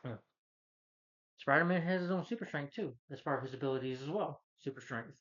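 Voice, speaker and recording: A man casually recapping a film as a reviewer, rambling with many fillers and quick quoted character lines. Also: fairly high pitch, fairly bright tone, lo-fi sound. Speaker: movie reviewer.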